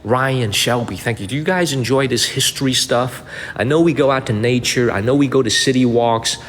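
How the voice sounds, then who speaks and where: A man's voice: mid-range voice, normal speed, fairly bright tone, in a large hall, slight background noise. A man live-streaming a tour of a historic site, chatting, repeating himself and thanking viewers by name. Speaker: livestreaming travel vlogger. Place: outdoors at a historic mausoleum site.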